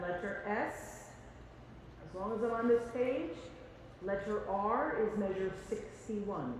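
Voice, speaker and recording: Leading a choir rehearsal, a woman with an expressive, medium-pitched voice speaks slowly, joking and chatting as she sings rhythms on syllables and counts the singers in. The recording comes from far off in a large, echoey rehearsal hall, with music and slight background noise.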